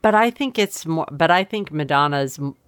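A woman with a notably low voice trades wry jokes in a relaxed podcast chat. The sound is dry and close, with no room around her. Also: normal speed, clear, resonant tone, no room sound. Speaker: podcast co-host.

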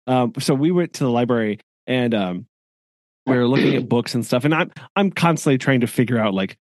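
A man's voice: mid-range voice, animated, brisk, a little mellow, no room sound, clean studio sound. A man in a casual podcast chat, easygoing and rambling.

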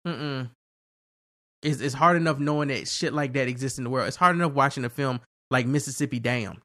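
Animated ranting man in casual chat. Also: mid-range voice. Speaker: podcast co-host.

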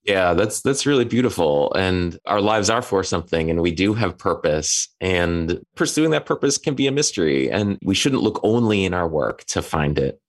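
A middle-aged man, an author and religion scholar, giving thoughtful, measured answers as a podcast guest. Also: low voice, expressive. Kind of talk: conversational interview.

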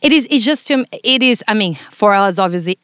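A woman's voice: medium pitch, animated, brisk, a bit bright, dry recording, clean studio sound. A woman with a non-native English accent, a veterinarian hosting a casual interview podcast, chatty and a little stumbling.

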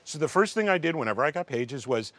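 A man's voice: fairly high pitch, fast talker, no room sound. A middle-aged man in an interview, telling a wry anecdote and acting out the dialogue. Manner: animated, acts out dialogue, wry. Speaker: interview guest, film professional. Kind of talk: anecdotal storytelling.

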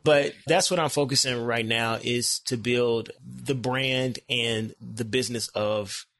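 A young American man chatting as a podcast guest, energetic and animated, laughing often and repeating words as his ideas tumble out. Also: mid-range voice, measured pace, creaky, no echo, studio quality. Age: young adult. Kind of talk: casual conversational interview.

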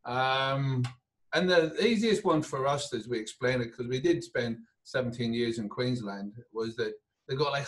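A man's voice: mid-range voice, moderate pace, distant mic, low-quality recording. A man from Northern Ireland with a Northern Irish accent, a business owner chatting and joking in an interview. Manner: jokey, chatty, laughs often. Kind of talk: casual interview chat.

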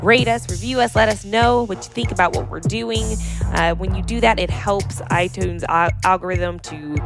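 A woman co-hosting a podcast, chatty and animated, who acts out little quotes as she talks. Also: mid-range voice, moderate pace, music in the background. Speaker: podcast co-host. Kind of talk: casual podcast chat.

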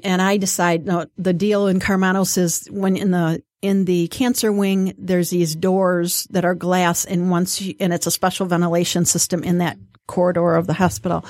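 Woman guest telling her story, lowish voice, dry close sound, lots of um and you know. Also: no echo. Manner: animated storyteller, many fillers and restarts. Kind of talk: telling a personal story in casual conversation.

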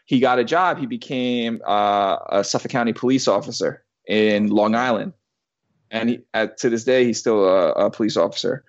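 With a lowish voice at a moderate pace, a man in his thirties recounts a personal story in relaxed conversation. He rambles, restarts a lot and drops the occasional curse word, and the sound is lo-fi.

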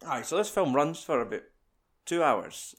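A man's voice: fairly high pitch, big pitch swings, moderate pace. A young man hosting a casual, sweary chat about a film, reading out the cast list with his co-host. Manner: sweary, banter-filled. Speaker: podcast host.

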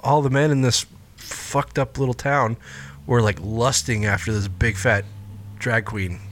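A man's voice: medium pitch, fairly even intonation, unhurried, a bit bright, a little hiss or hum. A man co-hosting a podcast, chatting loosely about a film, incredulous and freely swearing. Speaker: podcast co-host. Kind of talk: casual film review chat.

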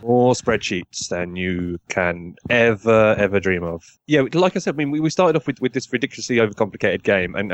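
A man's voice: on the low side, no echo, dull audio. A man, a podcast guest and game designer, chatting casually with plenty of restarts and self-deprecating asides. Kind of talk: casual interview chat.

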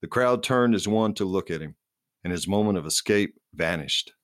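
A male author reading aloud from his novel in a measured, steady way. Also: low voice, no echo, studio quality, soft background music.

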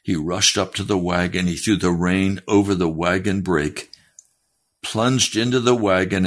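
A man's voice: deep voice, fairly even intonation, measured pace. A male preacher retelling a first-person story in his sermon, emphatic and challenging his listeners directly.

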